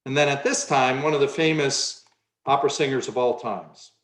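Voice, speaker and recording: A man's voice: medium pitch, moderate pace, a bit bright, reverberant. A man giving a conference lecture on the voice, now and then changing his own voice to show a point.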